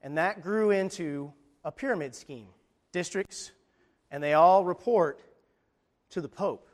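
A man's voice: high-pitched, measured pace. A man preaching a sermon, talking in a conversational, emphatic way with frequent restarts and scripture readings.

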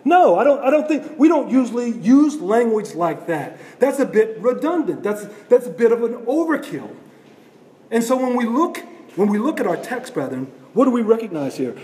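A man's voice: very high voice, very animated, normal speed, darkish tone. A man preaching a sermon to his congregation, repeating phrases and asking rhetorical questions.

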